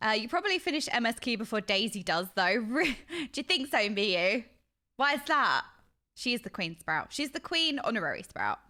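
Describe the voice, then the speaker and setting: A woman's voice: a little high, sing-song, normal speed, bright, forceful tone. A woman streaming a game, chatting casually with viewers in an effusive, talkative way. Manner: chatty and self-described yappy; effusive, uses extreme language. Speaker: livestreamer. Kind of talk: casual livestream chat with viewers.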